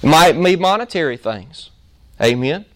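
Animated preacher man, high clear voice. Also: normal speed. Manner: animated, folksy, acts out the story. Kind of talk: storytelling sermon.

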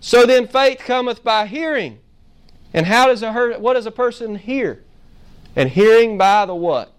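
Male pastor, high and smooth-toned, sermon with call-and-response questions and scripture readings. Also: lively intonation, a little slow. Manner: asks the congregation questions and answers them himself; frequent "Amen?" to the congregation.

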